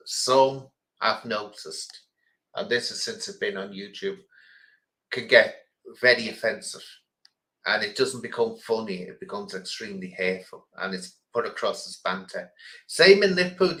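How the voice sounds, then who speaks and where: A man's voice: fairly low pitch, fairly bright tone, poor audio. A middle-aged man from England chatting casually as host, rambling through an opinionated story with lots of ums and restarts. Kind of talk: casual livestream chat.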